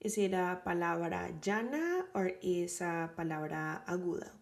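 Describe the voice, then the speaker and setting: A woman's voice: lowish voice, moderate pace, vocal fry. A woman with a Colombian Spanish accent giving a patient beginner Spanish lesson. She repeats words and keeps checking with "right?" and "okay?". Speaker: Spanish teacher. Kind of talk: slow explanatory lesson.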